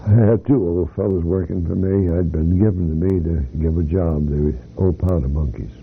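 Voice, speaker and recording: An older man who retired from a company tells oral history stories about his working years, slow and rambling, looping back through restarts and fillers. His voice is very low and gravelly, captured on a tinny, phone-like recording with a faint hiss beneath.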